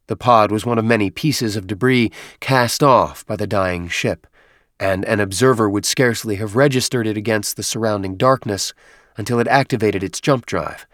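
A man reading a science fiction novel aloud in steady, measured audiobook narration. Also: on the low side, no echo, studio quality. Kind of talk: scripted narration.

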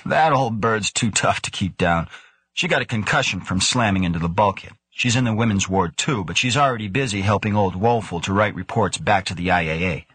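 A man voicing a cheerful, teasing older male colleague with a relaxed, wry manner. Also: on the low side, fairly quick, slightly rough, dry recording. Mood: jovial.

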